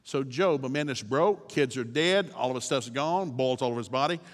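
A man's voice: mid-range voice, moderate pace, big-room sound. A man preaching as a guest speaker, telling the story with folksy humor. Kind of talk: sermon.

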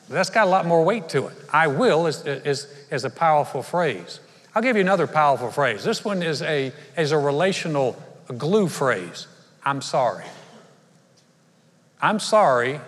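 A man's voice: on the high side, a bit bright. A man, a pastor giving a conversational, humorous sermon in a large church. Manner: conversational storytelling with humor and asides. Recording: live church hall reverb.

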